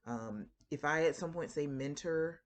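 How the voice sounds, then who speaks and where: A woman's voice: low-pitched, moderate pace, darkish tone. A woman with a Floridian accent talking casually to camera in a chatty, rambling way, full of fillers and asides. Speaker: writing vlogger.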